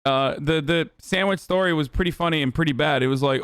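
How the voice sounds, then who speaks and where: A man's voice: fairly high pitch, brisk, few pauses, fairly bright tone, smooth, no echo, studio quality. A male streamer giving casual, sarcastic and profane commentary on the news.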